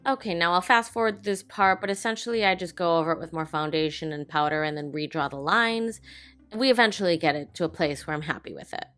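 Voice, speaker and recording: A woman's voice: on the low side, fast, fairly bright tone, faint music behind. A woman giving a casual makeup tutorial voice-over, chatty and self-mocking, swearing freely and talking to herself. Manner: talks to herself as an onlooker. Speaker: makeup vlogger.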